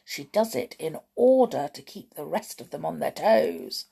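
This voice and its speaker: A woman playing a sharp, eager old grandmother. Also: sits low, expressive, a little slow, creaky, slightly rough, full character voice. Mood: excited. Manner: sharp and eager, swinging from hushed to loud. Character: excited elderly grandmother, sharp and fond.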